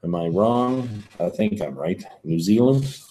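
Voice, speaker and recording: A man's voice: on the low side, animated, a little slow, mellow, a little hiss or hum. A man hosting a whisky livestream, rambling casually and answering viewer comments as he reads them. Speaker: whisky show host.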